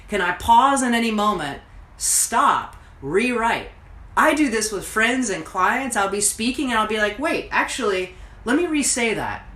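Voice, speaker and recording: A woman's voice: mid-range voice, a bit bright. Earnest woman coaching viewers, echoey room. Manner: earnest, reflective, speaks directly to viewers. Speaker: host, coach. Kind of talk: motivational talk to camera. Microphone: livestreamed to social media.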